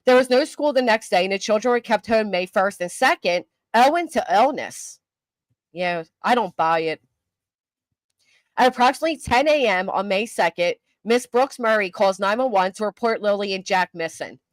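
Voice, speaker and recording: A woman's voice: mid-range voice, expressive, moderate pace, dry recording, studio quality. An older woman hosting a casual live-stream commentary, chatty and self-mocking, answering her chat as she goes. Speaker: YouTube commentary host.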